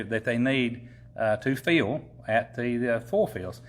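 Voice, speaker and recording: A man's voice: mid-range voice, normal speed. A man, a county executive giving a casual public update, folksy and rambling with lots of fillers.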